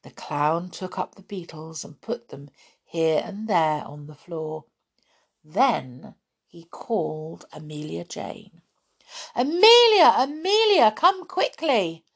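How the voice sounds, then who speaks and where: A woman reading a children's story aloud, expressive and deliberate. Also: deep voice, creaky, husky. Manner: expressive, lively, slow and deliberate.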